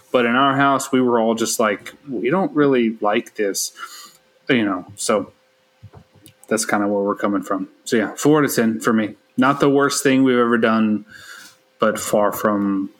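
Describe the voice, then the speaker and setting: A man co-hosting a casual movie review, speaking in a halting, hesitant way. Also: mid-range voice, low-quality recording. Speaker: podcast co-host.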